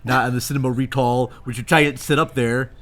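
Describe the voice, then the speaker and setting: A man's voice: mid-range voice, fairly even intonation, quick pace, a bit bright. A man hosting a show, chatting casually and goofing around while getting a livestream running. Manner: goofy, playful. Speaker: podcast host.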